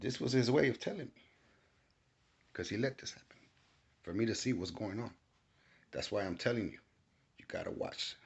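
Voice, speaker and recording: A man giving a casual testimony, animated and rising to shouts when he quotes himself. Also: on the low side, moderate pace, vocal fry, long pauses. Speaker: storyteller recounting a spiritual experience. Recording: dull lo-fi recording.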